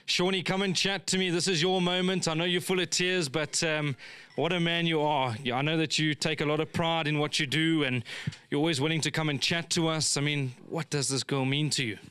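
A man's voice: on the high side, steady tone, brisk, pushed and bright, smooth. A man presenting at a racecourse, interviewing winning jockeys and trainers in an effusive, praising way with many "I mean" fillers. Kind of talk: post-race interview.

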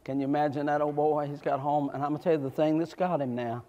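A man preaching a sermon, with fervent shouts and folksy asides to the congregation. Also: on the high side, steady tone, quick pace, lo-fi sound.

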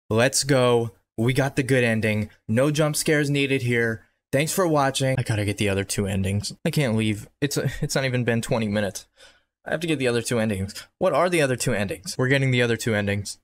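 Man, horror game commentary, jumpy and chatty, mid pitch, noisy recording. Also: brisk. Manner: excitable, talks back to the game, repeats himself. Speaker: gaming video creator. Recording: noticeable background noise.

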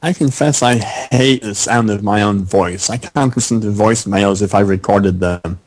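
A man's voice: lowish voice, moderate pace, darkish tone. A man on a podcast panel chatting wryly and asking curious questions. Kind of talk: casual chat.

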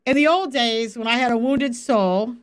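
A high-voiced woman teaching the Bible in a relaxed live-stream way. She is animated and laughs easily, slipping into little acted-out quotes to make her points. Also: normal speed, smooth. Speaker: faith coach and Bible teacher.

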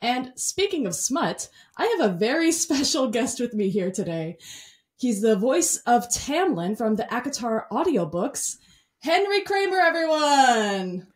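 A woman's voice: on the high side, sing-song, measured pace, a little mellow. A young woman hosting a podcast in a casual, bubbly way, laughing often. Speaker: podcast host.

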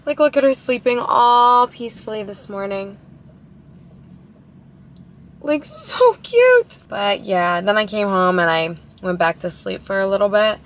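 A woman's voice: medium pitch, normal speed, few pauses, fairly bright tone. A bubbly, talkative woman of about twenty, vlogging casually from her car at a drive-thru. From Ohio, USA. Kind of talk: casual chatty vlog. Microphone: camera in the car.

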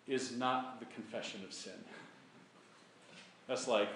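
A man's voice: medium pitch, slow pace, pauses often, a bit bright, slight background noise. Earnest male pastor in an echoey church. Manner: earnest, repeats key points, acts out sample apologies. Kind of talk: sermon. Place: church sanctuary.

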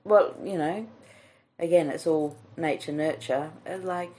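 An Australian woman hosting a casual comedy podcast chat, telling stories with lively quoted asides. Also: sits low, unhurried, slight background noise. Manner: storytelling, animated quotes. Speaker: podcast host.

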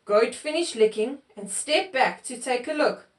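A woman reading a picture book aloud to children, in an expressive storytelling manner. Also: a little high, unhurried. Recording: echoey room, mic far off.

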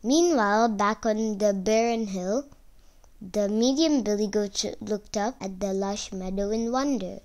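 A woman narrating a fairy tale aloud for children, reading slowly and with expression. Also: medium pitch. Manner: slow, expressive read-aloud. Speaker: storyteller. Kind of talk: storybook narration.

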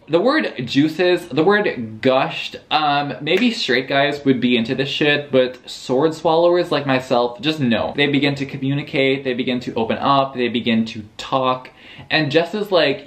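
A man's voice: mid-range voice, measured pace, a little hiss or hum. Sassy young man recapping a book. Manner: sassy, profane, animated quoting of characters. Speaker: book reviewer. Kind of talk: casual book vlog recap.

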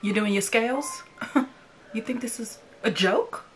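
A woman's voice: a little high, unhurried, faint music behind. A woman reacting to a horror movie she is watching for the first time, talking back at the characters on screen and swearing freely.

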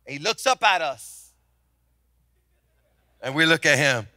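A man preaching a sermon as senior pastor, telling a story with animated delivery and acted-out voices. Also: a little high, a little slow, no echo.

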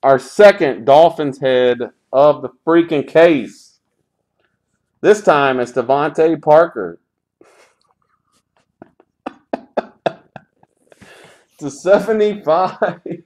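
A man's voice: on the high side, extremely slow, pauses often, a little mellow. A man hosting a live sports card break, calling out pulls in a sarcastic, grumbling, profane way.

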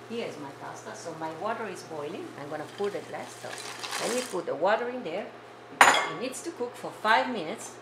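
A woman's voice: medium pitch, vocal fry, fairly bright tone, a little hiss or hum. A woman from Italy, hosting a casual live cooking stream from her home kitchen, chatty and rambling as she talks to viewers. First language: Italian.

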